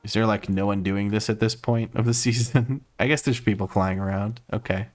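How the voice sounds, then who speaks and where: Male streamer, American accent, slightly low-pitched, easygoing running commentary over gameplay. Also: steady tone, brisk. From Croatia. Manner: easygoing, explains as he plays.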